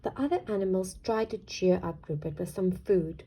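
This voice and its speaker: A woman's voice: lowish voice, moderate pace, hardly any pauses, dark tone, slightly rough. A woman reading a children's picture book aloud, playful and chatty with her young listeners. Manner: playful, mixing in chat to children. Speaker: storyteller.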